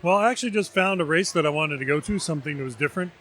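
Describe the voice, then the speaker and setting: Measured man explaining calmly. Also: a little high. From New Jersey. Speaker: vendor representative. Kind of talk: casual interview.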